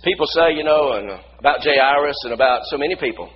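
A male pastor preaching a sermon, building from quiet storytelling to shouted praise. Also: medium pitch, fast talker, lo-fi sound, slight background noise.

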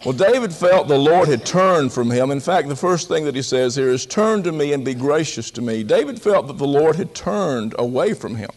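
Folksy preacher man, slow drawl. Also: on the high side, expressive, a little mellow. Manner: folksy and humorous, acts out quotes in a raised voice and laughs. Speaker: pastor. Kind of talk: sermon.

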